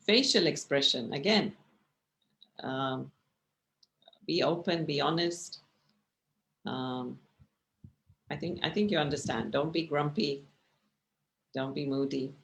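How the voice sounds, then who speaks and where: A woman's voice: deep voice, slow pace, vocal fry, pauses often, a bit bright. A woman teaching a communication class over a video call, talking conversationally and often checking in with the listeners. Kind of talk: online lecture with slides.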